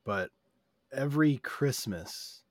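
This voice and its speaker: A man's voice: mid-range voice, animated, slow pace, no echo, studio quality. A man co-hosting a podcast, talking frankly in casual chat. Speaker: podcast co-host.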